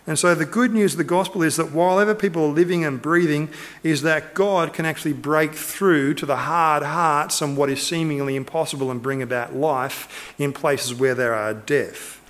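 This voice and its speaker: A man's voice: a little high, normal speed, a bit bright. Earnest, emphatic man preaching a sermon. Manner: earnest, emphatic, repeats short exhortations. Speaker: pastor.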